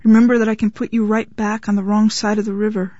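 A blunt, cool-headed wife with a flat, impatient way of talking, as a woman reading the story gives her voice. The audio is a little dull and completely dry. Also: mid-range voice, fast talker, no room sound, natural voice.

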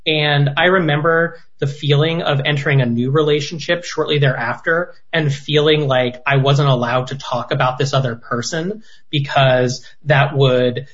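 Relaxed man guest, higher voice. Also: normal speed, lo-fi sound. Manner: relaxed, chuckling, filler-heavy. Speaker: interview guest, partner of the other guest. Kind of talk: conversational interview.

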